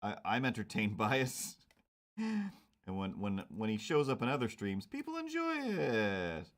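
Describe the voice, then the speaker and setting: While drawing comics on a stream, a man chats casually in a lowish voice at a moderate pace. He rambles with jokey mock outrage and slips into silly voices.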